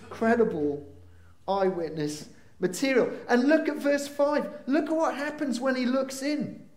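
A man preaching a lively sermon, swinging between excited bursts and hushed, slowed moments. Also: very high voice. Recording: roomy echo.

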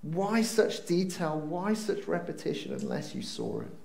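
A man preaching a lively sermon, swinging between excited bursts and hushed, slowed moments. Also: a little high, vocal fry. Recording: roomy echo.

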